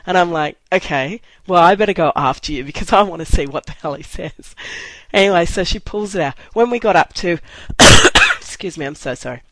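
A woman's voice: lowish voice, fairly quick, no room sound, rough recording. Chatty woman telling a fan story. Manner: animated, laughing, acts out quotes. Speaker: fan recounting a convention meet. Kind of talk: casual chat, storytelling.

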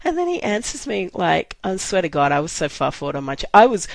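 A woman chatting casually, telling an animated story about a convention meet and acting out what people said. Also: on the low side, fast, vocal fry, no room sound, low-quality recording. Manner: animated, laughing, acts out quotes. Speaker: fan recounting a convention meet.

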